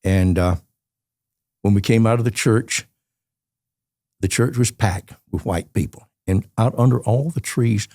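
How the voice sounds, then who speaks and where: An elderly man with a Southern US accent tells colorful, rambling stories as a podcast guest. His voice is low, dark and gravelly. The recording is close and dry. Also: a little slow, long pauses, dry recording. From Georgia, USA. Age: 80s. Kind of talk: storytelling interview.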